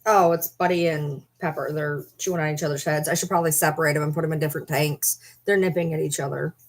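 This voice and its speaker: A woman's voice: low voice, steady tone, fast. A woman chatting casually to camera from her bed at home, breaking off to coo at her pets. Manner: chatty, drifts into baby talk with her animals. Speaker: vlogger.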